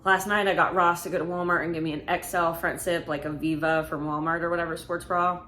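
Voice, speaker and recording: A woman's voice: lowish voice, level tone, brisk, sharp tone, slight background noise. A woman, talking casually through a Q&A vlog, frank and full of fillers. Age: 20s. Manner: chatty, filler-heavy, frank. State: slightly out of breath. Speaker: vlogger.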